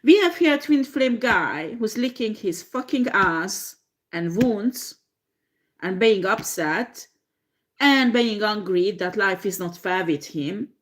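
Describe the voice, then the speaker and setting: A woman tarot reader talking slowly and unhurriedly, with a voice at an ordinary middle pitch. She swears often, breaks into laughter and fills her pauses with ums and uhs. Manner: profane, laughing, animated storytelling with frequent fillers. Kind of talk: tarot reading monologue.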